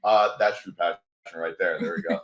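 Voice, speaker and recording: Very deep male host, jokey and relaxed, muffled roomy sound. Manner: joking, laid-back, quick asides. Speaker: interview show host. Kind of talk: casual interview hosting. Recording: echoey, dull room sound.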